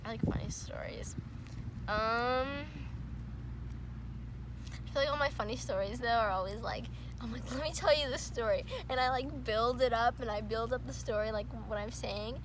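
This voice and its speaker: A teenage girl rambles casually about her own storytelling habits. Her voice sits a little high, and clear background noise runs under it. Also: steady tone, moderate pace. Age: teens. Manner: rambling, laughing.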